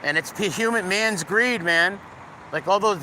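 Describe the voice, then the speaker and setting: A man's voice: sits high, a little slow, bright, forceful tone. A middle-aged man from Providence with a Rhode Island accent, chatting casually with viewers while walking his dog on a city street. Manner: rambling, profane, bouncing between greetings and rants. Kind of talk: casual livestream chat with viewers. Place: city street with passing cars. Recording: faint street traffic noise.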